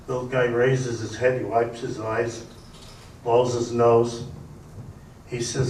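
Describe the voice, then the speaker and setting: A man doing a stand-up routine on a comedy club stage, telling jokes deadpan. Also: medium pitch, a little slow, slight background noise. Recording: echoey club recording from a distance.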